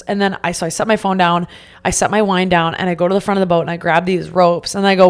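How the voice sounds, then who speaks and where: A young woman hosting a podcast, retelling her own story in a casual, animated way and acting out the quotes. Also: lowish voice, brisk. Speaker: podcast host.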